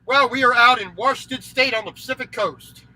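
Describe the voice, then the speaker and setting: A man's voice: very high-pitched, a little fast, sharp tone, rough recording. A man who drives a truck, chatting casually on a livestream from his cab, rambling and repeating himself. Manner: rambling, scattered, repeats words, laughs easily. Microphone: headset.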